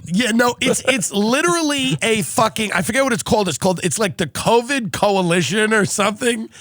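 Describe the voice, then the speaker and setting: A man's voice: sits high, lively intonation, fairly quick, a bit bright, no echo, clean studio sound. A man hosting a comedic podcast, telling stories in a sarcastic, riffing way with frequent laughs. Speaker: podcast host.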